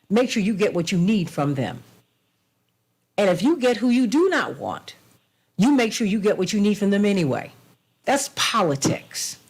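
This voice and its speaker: A woman's voice: medium pitch, a little mellow. A woman hosting a political talk show, speaking emphatically in a preacherly way and addressing her guests by name.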